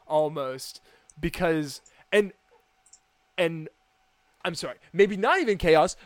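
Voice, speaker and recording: A man's voice: a little high, smooth, dry recording. A young American man co-hosting a podcast, chatting casually, laughing often and restarting his sentences. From United States. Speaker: podcast co-host. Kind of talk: casual chat.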